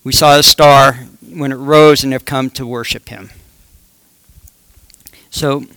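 A man's voice: mid-range voice, steady tone, slow pace, bright, forceful tone, no echo. A man preaching a conversational sermon with slides, joking asides and frequent fillers. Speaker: lay preacher.

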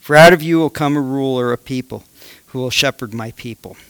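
A man's voice: mid-range voice, a little fast, fairly bright tone, clear, resonant tone, no echo. A man preaching a conversational sermon with slides, joking asides and frequent fillers. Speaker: lay preacher.

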